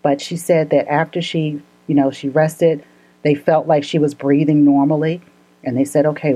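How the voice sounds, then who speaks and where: A woman's voice: deep voice, warm tone, rough recording. A woman co-hosting a casual podcast, telling a story earnestly and laughing often.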